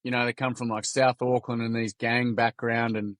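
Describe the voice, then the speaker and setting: A young Australian man tells stories in a podcast interview, full of casual slang and quick re-enactments. His voice sits mid-range and dry, with little room sound. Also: medium pitch, dry recording. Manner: animated, slangy, acts out quotes. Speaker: podcast guest, workshop founder.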